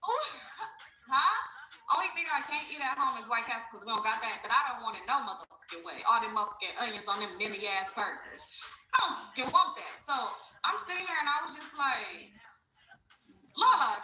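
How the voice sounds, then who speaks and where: A woman livestreaming, telling a story in an animated, profane, ranting way. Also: a little high, fast talker, reverberant, background noise. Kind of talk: casual storytime chat.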